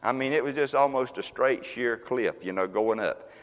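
A man preaching a sermon as pastor, folksy and conversational, now and then breaking into loud exclamations. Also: medium pitch, moderate pace, long reverb tail. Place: church sanctuary.

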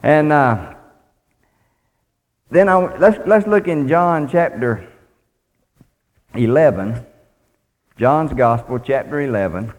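A man preaching in a folksy, plainspoken way, reading scripture as he goes. His voice sits at a middle pitch and carries a long reverb off the walls of a church hall. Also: expressive, slow pace, long pauses. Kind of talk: sermon.

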